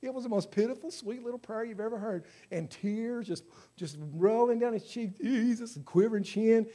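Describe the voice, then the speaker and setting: A middle-aged pastor delivers a sermon in a fairly high voice for a man. He moves between loud, fervent exhortation and low, hushed storytelling. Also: moderate pace. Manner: preaching with swings from shouting to hushed storytelling.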